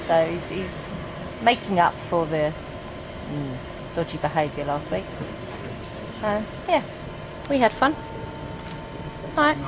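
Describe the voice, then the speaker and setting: A woman's voice: fairly low pitch, animated, takes it slowly, pauses often. A woman with a Northern English accent chatting casually in her home kitchen, giggly and trailing off mid-sentence. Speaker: co-host cooking at home. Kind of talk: casual chat. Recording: clear background noise.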